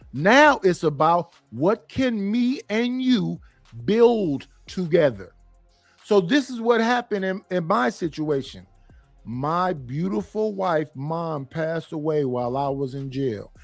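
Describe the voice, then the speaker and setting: A middle-aged man with a notably high voice speaks bluntly on a panel, cursing freely and rambling through stops and restarts. The sound is dry and close, with faint music underneath. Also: dry recording. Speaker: panel guest. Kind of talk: casual opinion talk.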